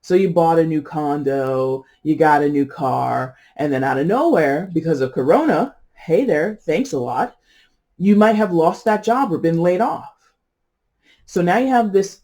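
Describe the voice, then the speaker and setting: Rambling, mellow-voiced tarot reader. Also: medium pitch. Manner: rambling, laughing, self-correcting. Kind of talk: casual tarot reading monologue.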